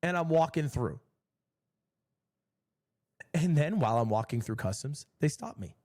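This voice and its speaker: A man streaming, telling a story in a casual, animated and exasperated way. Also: fairly high pitch, unhurried.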